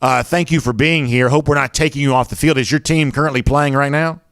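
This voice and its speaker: A man from the American South hosts a sports show, chatting casually with a Southern accent and reading viewer comments, using lots of fillers. His medium-pitched voice is fairly bright, a little fast, and fairly even in intonation. The sound is clean studio audio with no room sound.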